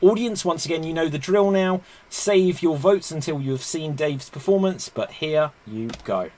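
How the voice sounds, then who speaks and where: A man hosting a live online improv comedy show over a video call, upbeat and announcing, quick to laugh. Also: on the high side, a little mellow. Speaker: host.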